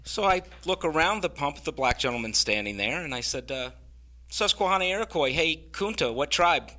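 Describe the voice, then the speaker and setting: Bright-voiced deadpan male stand-up comic. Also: on the high side, fairly quick. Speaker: stand-up comedian. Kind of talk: stand-up comedy set. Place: comedy stage with a live audience.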